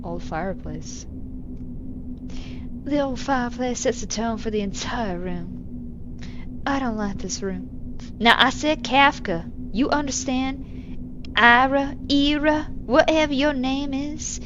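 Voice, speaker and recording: A woman streamer playing a game, reading its text aloud slowly and adding dry, wry asides. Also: high voice, lo-fi sound, noisy background.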